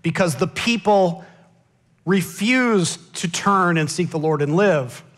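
An American man preaching a sermon, swinging from loud pleading cries to hushed asides. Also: high voice, lively intonation, slow pace. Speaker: pastor. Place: church sanctuary.

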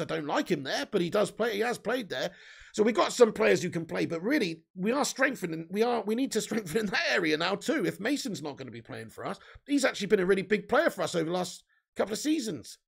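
An English man talks loosely to his live-stream viewers, reading their comments aloud and dropping in the odd swear word. His voice sits fairly high and carries a strong gravelly rasp throughout. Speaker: livestream host reading chat. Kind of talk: casual live chat.

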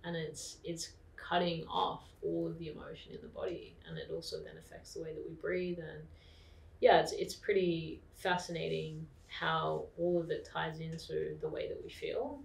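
An Australian woman explaining things calmly in a casual interview, with frequent fillers. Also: deep voice, moderate pace, vocal fry. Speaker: podcast guest. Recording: roomy, distant mic.

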